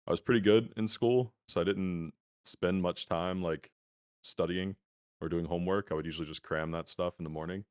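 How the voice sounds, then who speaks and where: A young man speaks as an interview guest, easygoing and full of filler words. His voice sits very low and has a smooth, resonant tone. The sound is dry and comes over a video call that sometimes stutters. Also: moderate pace, dry recording. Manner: relaxed, many filler words like "um" and "like". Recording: laggy internet call audio.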